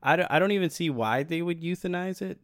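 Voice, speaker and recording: A man co-hosting a podcast in casual chat, relaxed and wry, swearing often. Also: a little high, fast talker, dry recording, studio quality. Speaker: podcast co-host.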